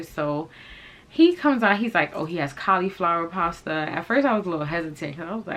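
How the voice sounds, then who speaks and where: A young woman telling a story to her viewers in a casual, animated and profane way, full of slang. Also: low voice, a little fast. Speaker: vlogger.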